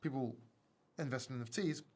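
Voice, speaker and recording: A man from Greece hosting a crypto live stream, chatting casually and answering viewer questions in an animated, self-mocking way with frequent laughs. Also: mid-range voice, brisk. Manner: animated and self-mocking, laughs often, bursts into loud acted outbursts.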